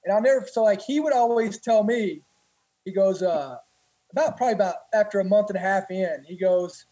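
A man's voice: high voice, a little fast, warm tone, rough recording. A man, a former Marine and guest, telling stories casually in a rambling, profane way. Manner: rambling, profane, many restarts. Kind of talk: casual storytelling.

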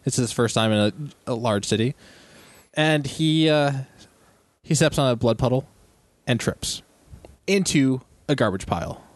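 A man narrating as game master of a tabletop game, talking haltingly with many pauses and restarts. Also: medium pitch, lively intonation, no echo.

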